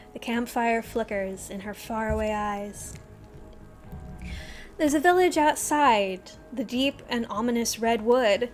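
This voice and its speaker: Animated woman streamer reading game lines. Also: a little high, slow, soft background music. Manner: animated, swings between loud bursts and hushed storytelling. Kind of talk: reading game dialogue aloud.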